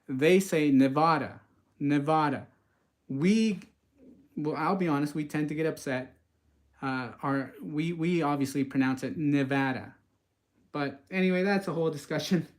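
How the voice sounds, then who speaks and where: A man's voice: fairly high pitch, a little mellow, echoey room, rough recording. A man from the western United States hosting a live cooking stream, chatting casually and rambling off topic as he talks to his viewers. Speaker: cooking channel host.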